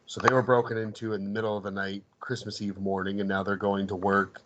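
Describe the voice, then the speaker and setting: This podcast co-host talks fast in a lower, level tone with a fairly bright quality, on a lo-fi recording. Discussing a comedy film casually, he rambles, restarts often, and laughs as he recounts things.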